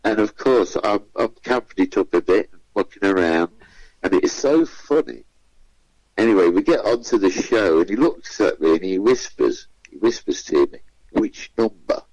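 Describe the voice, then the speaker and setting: A guest comedian on a radio interview tells chatty anecdotes, acting out the voices of the people he quotes. His lowish, darkish voice has lively intonation and moves at a normal speed. The recording is dull, with no echo.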